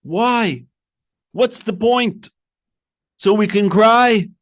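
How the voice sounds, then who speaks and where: High-voiced man giving an emphatic Torah talk. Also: extremely slow. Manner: asks rhetorical questions, weaves in Hebrew terms; emphatic, swings from soft to loud. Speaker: rabbi teaching Torah.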